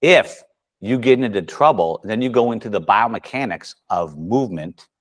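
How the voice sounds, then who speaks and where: Animated low-voiced male golf coach. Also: normal speed. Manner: animated storyteller acting out dialogue. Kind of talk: coaching seminar talk.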